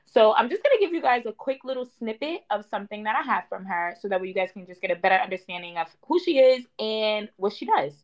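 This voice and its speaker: A woman co-hosting a podcast, talking in a measured, reflective way as she works through her thoughts. Her voice sits at an ordinary middle pitch, and the recording sounds a bit dull and muffled. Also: lively intonation. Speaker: podcast co-host. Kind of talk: casual chat and reading a sponsor note.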